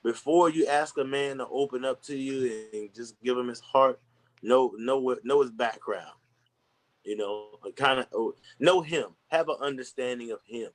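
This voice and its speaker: A man's voice: mid-range voice, normal speed. A man speaking candidly and earnestly in casual conversation, rambling with restarts and slang. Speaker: podcast guest.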